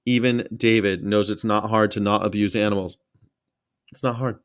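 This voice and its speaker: A man's voice: lowish voice, fairly even intonation, normal speed, smooth. A man hosting a reaction video, casual, profane and mocking, rambling from one thought to the next.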